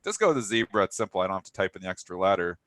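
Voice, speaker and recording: Low-voiced wry co-host, dry sound. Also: male voice, sing-song, racing, a bit bright, no room sound. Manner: wry, sarcastic, opinionated. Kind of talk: live trading talk show banter.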